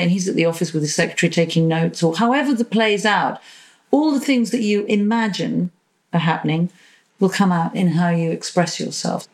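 A woman therapist talking in a podcast interview, animated, acting out quoted voices and swearing casually. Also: on the low side, fairly quick, poor audio. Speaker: psychosexual and relationship therapist, podcast guest.

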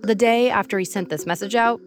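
A woman hosting an investigative podcast, narrating in a measured, serious way. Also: mid-range voice, over music. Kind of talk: scripted narration.

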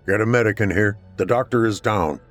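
A man voicing a calm, smiling man in a suit who reassures a wounded doctor in a horror story. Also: fairly low pitch, fairly quick, soft background music, close to an everyday voice.

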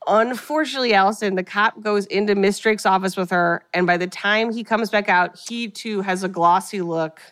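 Podcast co-host, woman in her 30s, lively storyteller who slips into voices, mid-pitched, dry close sound. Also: dry recording. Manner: animated retelling, voicing characters in quick asides. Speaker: podcast co-host recapping a film. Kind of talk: casual chat.

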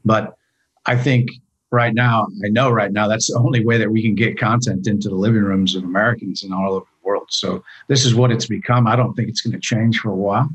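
Husky-voiced man, relaxed and rambling. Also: lowish voice, a little fast, muffled recording. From California. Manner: relaxed, rambling, profane, lots of "you know". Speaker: actor guest. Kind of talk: casual interview.

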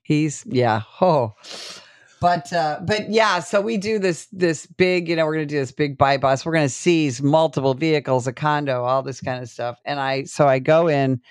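A middle-aged woman, a police sergeant telling stories as an interview guest, animated and full of fillers. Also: deep voice, moderate pace, no echo. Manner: animated storyteller, many fillers, acts out quotes. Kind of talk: casual storytelling interview.

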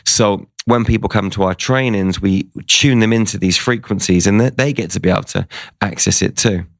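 Deep-voiced man telling a story. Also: moderate pace, gravelly, no echo. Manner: conversational, retells events with quoted dialogue. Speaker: guest. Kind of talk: storytelling in an interview.

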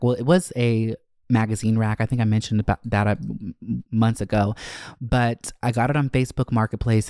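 A man hosting a casual solo podcast. He talks candidly and profanely, rambling with fillers and self-corrections, and his pitch jumps high when he gets emotional. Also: darkish tone, no echo, studio quality. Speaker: podcast host.

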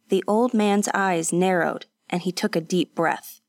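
A woman narrating an audiobook in a steady, measured way. Her voice is on the low side. The recording is close and dry, with no room echo.

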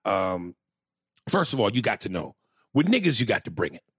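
A male stand-up comedian telling a story in a casual, profane, animated way, with many restarts. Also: lowish voice, moderate pace, husky, no room sound, studio quality.

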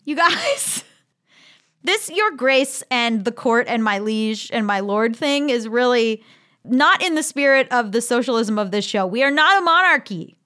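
Woman hosting a podcast, high voice, laughing a lot while she reads emails out. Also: expressive, measured pace, sharp tone. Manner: chatty and amused, laughs often while reading. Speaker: podcast host. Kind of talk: casual chat, reading listener emails aloud.

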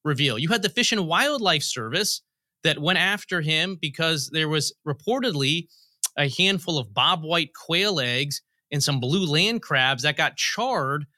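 A man's voice: on the high side, lively intonation, a little slow, bright, forceful tone, no room sound, studio quality. A man being interviewed as a guest on a podcast, explaining policy and telling analogies as he goes. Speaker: guest, federal commissioner. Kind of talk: interview answers.

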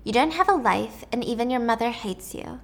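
Woman playing a cruel robot companion, icy, monotone insults. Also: a little high, a little fast. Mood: contemptuous.

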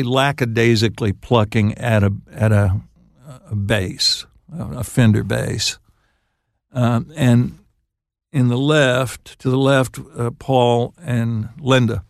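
An older man, a songwriter guest on an interview show, telling stories in a halting, laughing way. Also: mid-range voice, vocal fry, no room sound, clean studio sound. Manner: halting, restarts phrases, laughs while telling. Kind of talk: casual storytelling interview.

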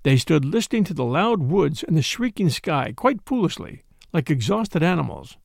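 A man reads a classic mystery aloud with dramatic, expressive storytelling, his pitch sitting a touch high and swinging widely through each sentence. His voice has a gravelly grain, recorded close and dry with no room around it. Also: normal speed, no echo. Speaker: narrator. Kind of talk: audiobook reading of a classic mystery.

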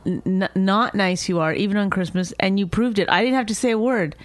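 A woman's voice: medium pitch, a little fast, no echo. A woman co-hosting a podcast, rambling and complaining in casual chat, swearing freely. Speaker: podcast co-host.

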